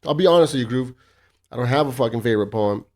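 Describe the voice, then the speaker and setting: A man's voice: mid-range voice, animated, fast talker, a little mellow. A man in his thirties hosting a solo podcast, swearing freely and ranting in a cocky, casual way. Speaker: podcast host.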